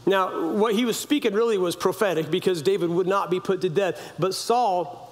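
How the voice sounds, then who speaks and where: High-voiced pastor preaching casually. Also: male voice, moderate pace. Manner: casual storytelling with playful sound effects and quoted voices; conversational, asks congregation questions. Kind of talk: sermon.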